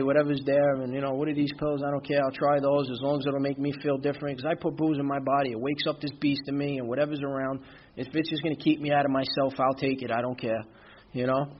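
A man's voice: a little high, lo-fi sound, a little hiss or hum. A man giving a candid, rambling personal testimony at a recovery meeting, often saying "you know". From Brooklyn, New York. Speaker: speaker sharing his recovery story.

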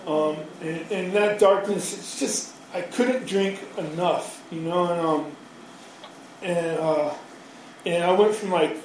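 Sharing his recovery story, a man in his thirties rambles, swears freely, and makes fun of himself, speaking slowly in a voice that sits high for a man. His personal storytelling reaches the mic from far off in a heavily echoing hall, with faint noise in the background.

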